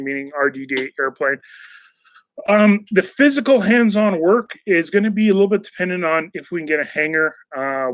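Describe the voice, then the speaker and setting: Casual live-stream host, man, slightly higher pitch, dry close recording, friendly rambling delivery full of fillers. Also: fairly bright tone, dry recording, poor audio. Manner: chatty, rambling, frequent fillers and restarts. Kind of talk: casual live-stream chat, reading donor messages.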